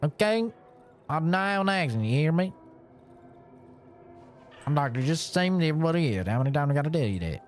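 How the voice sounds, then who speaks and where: A woman's voice: deep voice, big pitch swings, a little fast, pauses often, soft background music, voice pushed up. A woman putting on a brash woman with a Southern US accent who defensively insists she has no accent.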